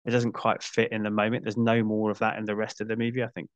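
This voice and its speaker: Middle-aged male host, lower register, loose chatty delivery, dead-dry recording. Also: completely flat delivery, quick pace, no room sound, highs cut off. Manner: chatty, thinks aloud with restarts. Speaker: podcast host. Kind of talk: casual film discussion chat.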